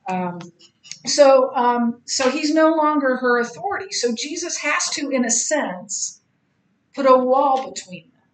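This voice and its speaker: A middle-aged woman teaching a Bible study lecture, halting often with ums and restarts. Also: high voice, animated, reverberant, rough recording. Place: church classroom.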